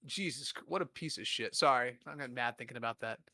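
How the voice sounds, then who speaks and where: A man's voice: medium pitch, fast, pushed and bright, no echo, studio quality. A man in his twenties hosting a podcast, telling rambling, profane, self-deprecating stories in a casual comedic way. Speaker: podcast host.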